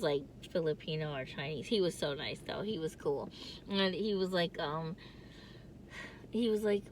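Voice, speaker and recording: A woman's voice: lowish voice, a bit bright, slight background noise. Chatty woman with a nasal voice. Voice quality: distinctive nasal voice. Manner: chatty, rambling, laughs often. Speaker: vlogger. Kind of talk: casual chat to camera. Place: in a car.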